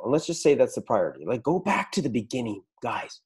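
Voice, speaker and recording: This man speaks at a medium pitch with wide swings, talking fast and barely pausing. Hosting his podcast, he gives business owners a profanity-laced, no-nonsense motivational speech full of pep-talk drive.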